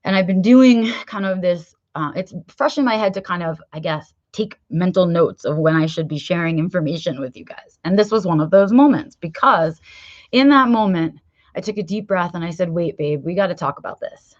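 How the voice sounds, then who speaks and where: A candid woman hosting a casual livestream, her voice sitting a little low. She keeps checking in with her viewers and swears freely. The sound is dry and a bit dull. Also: normal speed, no echo. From New York. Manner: candid and animated, frequent "right?" and swearing. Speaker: livestream host.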